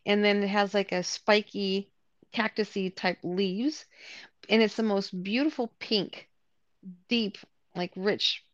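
A woman co-hosting a podcast, telling an animated story in casual chat, acting out what others said and laughing often. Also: medium pitch, no echo, lo-fi sound. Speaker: podcast co-host.

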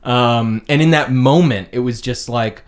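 A man co-hosting a casual film podcast, animated and hedging with fillers. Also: mid-range voice, measured pace. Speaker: podcast co-host.

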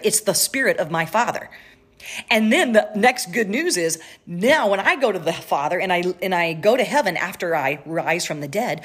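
A woman with a slightly husky voice teaching a Bible passage in sermon style, speaking straight to her listeners and sometimes dropping to a whisper. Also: fairly high pitch. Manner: animated, talks straight to listeners, drops to a whisper for emphasis.

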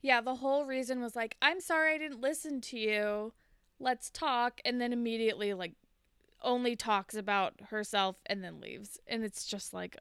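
A woman's voice: fairly high pitch, creaky, clean tone, no echo, clean studio sound. A woman co-hosting a podcast, chatting casually as she recaps an episode and acts out the characters' lines. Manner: animated, acts out quotes from the episode. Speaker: podcast co-host.

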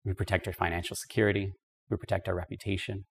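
A man's voice: low-pitched, little pitch movement, fast, vocal fry, slightly rough. A man teaching a podcast Bible study in an emphatic, conversational way, with casual asides. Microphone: podcast microphone.

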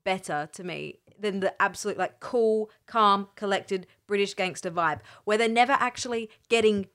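A woman's voice: mid-range voice, normal speed, a bit bright. A woman co-hosting a podcast, chatting casually about films and gushing enthusiastically, often repeating her praise. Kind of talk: casual film chat.

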